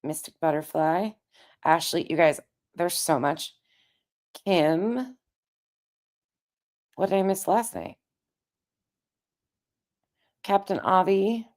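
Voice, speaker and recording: A woman live-streaming in a casual, chatty way, greeting viewers by name, with a raspy voice. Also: lowish voice, slow, pauses often, darkish tone.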